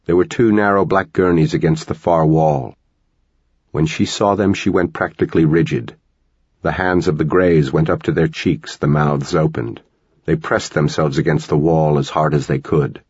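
Deep husky male audiobook narrator. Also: fairly even intonation, a little mellow, no room sound, lo-fi sound. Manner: measured, dramatic storytelling.

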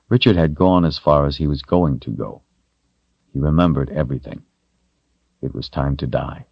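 A man narrating a fantasy novel in a slow, deliberate, dramatic way. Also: extremely low pitch, a little mellow, husky, no room sound, lo-fi sound. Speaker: audiobook narrator.

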